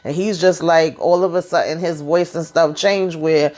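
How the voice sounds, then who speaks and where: A woman's voice: low voice, fairly even intonation, normal speed, darkish tone. A woman casually recapping a TV episode in a chatty, sassy way, full of asides and quoted lines. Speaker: TV show recap vlogger.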